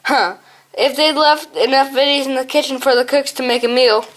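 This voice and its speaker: A woman's voice: high-pitched, steady tone, moderate pace, natural voice, low-quality recording. A woman voicing a stern male badger lord in an audiobook. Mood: amused.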